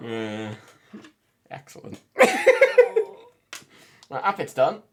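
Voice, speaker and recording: Laughing, lively man streaming. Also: mid-range voice, drawn-out words. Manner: swearing, joking, laughing often. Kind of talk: casual livestream chat.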